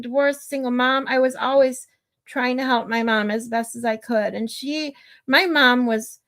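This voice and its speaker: A middle-aged woman with a high voice hosts a livestream, chatting casually with viewers. She rambles off on tangents, reads their comments aloud and laughs a lot.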